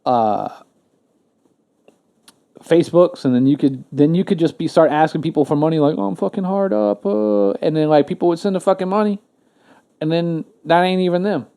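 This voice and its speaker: A man chatting casually on a podcast, his voice sitting a little high yet warm and soft-edged. He rambles, swears freely and keeps restarting his sentences with fillers. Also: normal speed, pauses often. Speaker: podcast co-host.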